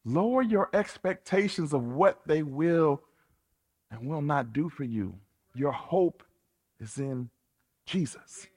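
A man preaching a sermon in an animated, colloquial, playful way. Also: a little high, takes it slowly, slightly rough. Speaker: pastor.

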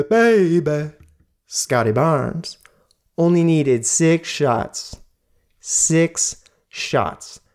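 A male podcast host breaks down a basketball game on his own. He is animated and repeats lines to drive his points home. His delivery is unhurried and drawn out. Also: on the high side, gravelly. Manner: animated, repeats lines for emphasis, mock voices. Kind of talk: solo sports podcast commentary.

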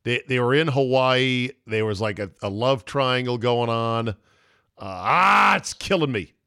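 A man's voice: mid-range voice, a little slow, smooth, no room sound, studio quality. A man hosting a podcast, chatting casually and joking around with his co-host. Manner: joking, animated banter with laughs. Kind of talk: casual chat.

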